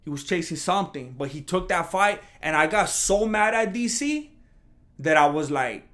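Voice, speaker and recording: Podcast host, male, slightly higher voice; casual, rambling, animated solo chat. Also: normal speed. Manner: rambling, animated, mocks imagined critics in a higher voice.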